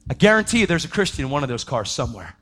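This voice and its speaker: A man preaching a sermon, telling a story with lively energy and acting out the voices of the people in it. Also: racing. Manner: animated, acts out quoted voices, pitch jumping up when excited.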